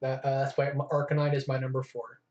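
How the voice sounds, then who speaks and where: Man, casual co-host chat, enthusiastic, flat pitch, echoey room. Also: fast. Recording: echoey room, dull lo-fi sound.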